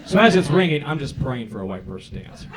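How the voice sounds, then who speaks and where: Animated man doing stand-up, crowd laughing. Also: mid-range voice, fast talker. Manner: animated, self-deprecating, punchy delivery. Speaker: stand-up comedian. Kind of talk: stand-up set. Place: comedy club stage. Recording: live club recording with crowd laughter. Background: audience laughter.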